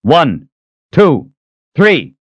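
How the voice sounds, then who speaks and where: A man voicing a defiant young male hero who wields magic, speaking forcefully and with measured threats. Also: fairly high pitch, very animated, breathy edge, dry recording, lo-fi sound, pitched above the performer's own voice, full character voice. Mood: commanding.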